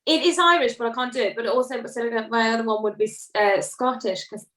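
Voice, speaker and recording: A woman singer chats as an interview guest in a slightly high, fairly quick, somewhat bright voice. She laughs often and pokes fun at herself in this casual conversation, and the sound is roomy, as if she sits far from the mic.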